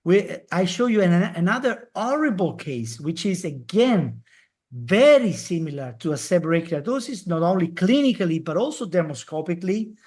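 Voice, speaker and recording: A lecturer giving a live online talk over a video call, halting with many fillers and tagging points with "eh?". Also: medium pitch, sing-song, a little mellow. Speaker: dermatology lecturer.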